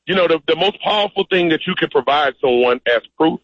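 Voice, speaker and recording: A man calling into a radio show, forceful and insistent in his account, with a fairly high voice. His voice is husky and comes through a muffled, lo-fi line. The sound is dry. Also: lively intonation, fairly quick, dry recording. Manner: emphatic, direct, insistent. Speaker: interview guest. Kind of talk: phone-in interview.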